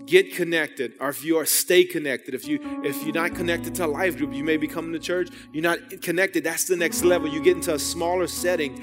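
A man's voice: a little high, fairly even intonation, fairly quick, few pauses, music in the background. A young adult man, preaching a sermon as a pastor, telling a personal story in a conversational way with frequent restarts. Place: church sanctuary. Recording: long hall reverb in church.

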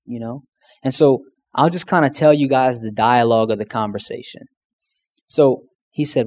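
Pastor guy telling a story, earnest, chatty, lots of "man", "you know", medium pitch. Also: moderate pace, darkish tone. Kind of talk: storytelling testimony.

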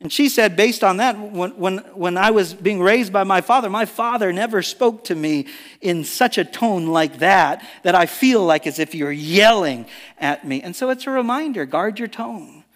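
Male pastor with a raised pitch, emphatic preaching sermon style, recorded with long church-hall reverb. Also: expressive, moderate pace, fairly bright tone. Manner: earnest preaching with emphatic stresses and frequent restarts. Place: church sanctuary.

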